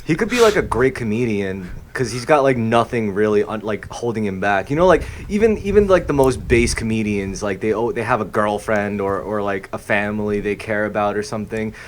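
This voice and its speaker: A man's voice: lowish voice, expressive, brisk, hardly any pauses, a little hiss or hum. A man co-hosting a podcast, making crude jokes and trailing off into hedges. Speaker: podcast co-host. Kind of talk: casual chat.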